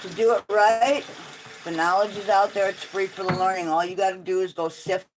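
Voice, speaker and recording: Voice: mid-range voice, fairly even intonation, a little fast, background noise. Blunt, opinionated livestream host. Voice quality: opinionated, blunt, swears freely. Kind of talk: casual livestream chat.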